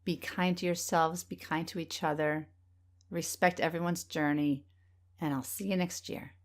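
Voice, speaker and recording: A woman's voice: low voice, steady tone, normal speed. Earnest, encouraging woman podcast host. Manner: warm, earnest and encouraging, gently emotional. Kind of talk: heartfelt solo podcast talk.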